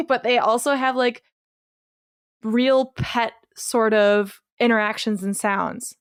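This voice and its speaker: Young woman cohost, gushy and emphatic, smooth voice, super dry sound. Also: a little high, fairly even intonation, slow pace, no echo. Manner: gushing, emphatic, swears freely. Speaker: podcast co-host. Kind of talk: casual chat.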